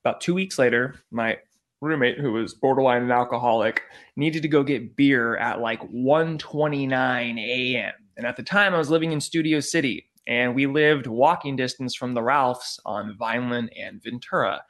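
A man telling a profane, animated personal story in casual chat. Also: medium pitch, moderate pace.

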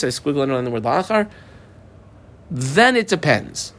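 A man's voice: mid-range voice, normal speed. A man teaching a Talmud class, reading the text and translating it line by line as he marks up the page. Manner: reads Aramaic text then translates, animated, marks up the text aloud. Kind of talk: daf yomi Gemara class.

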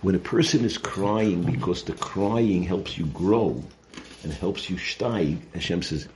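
A man's voice: low voice, unhurried, darkish tone. A man teaching a weekly Torah portion class, earnest and explanatory, often restarting and repeating his words. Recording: noisy recording.

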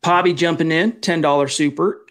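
A man hosting a casual live-stream podcast, energetic as he reads out viewer messages and thanks donors. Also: on the high side, normal speed. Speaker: podcast host.

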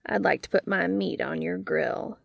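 Woman voicing a corny, eager skeleton guy, deep dudeish tone, gravelly edge, dry close sound. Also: no room sound. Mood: flirty. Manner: eager pickup lines, slower delivery. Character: flirty male talking skeleton, corny and eager.

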